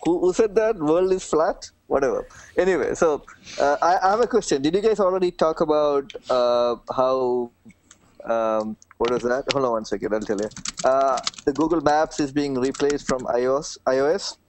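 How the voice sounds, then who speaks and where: A man's voice: mid-range voice, moderate pace, slight background noise. Brief: South Indian English-accented man, meandering co-host voice, with typing in the background. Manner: rambling, hesitant, self-mocking. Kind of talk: casual panel chat.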